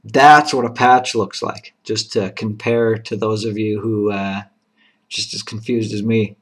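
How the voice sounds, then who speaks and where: Man calmly announcing card pulls. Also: on the low side, measured pace. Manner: steady, methodical announcing of each card and serial number. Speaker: card box break host. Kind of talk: live card-opening commentary.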